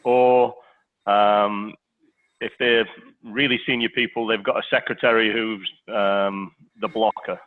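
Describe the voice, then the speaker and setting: A man attending a webinar, asking a question in a hesitant, halting way. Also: fairly low pitch, little pitch movement. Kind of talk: casual question. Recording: tinny phone line.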